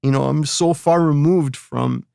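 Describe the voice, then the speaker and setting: A man's voice: on the high side, a little slow, creaky, a little mellow, smooth, no room sound, clean studio sound. A middle-aged man, a guest musician, casually telling a story, rambling with lots of fillers and restarts.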